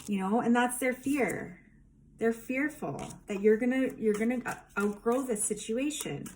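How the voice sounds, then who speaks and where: A woman's voice: fairly high pitch, a little slow, a little mellow, a little hiss or hum. A woman giving a casual tarot reading, emphatic and rambling, with lots of fillers. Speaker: tarot reader.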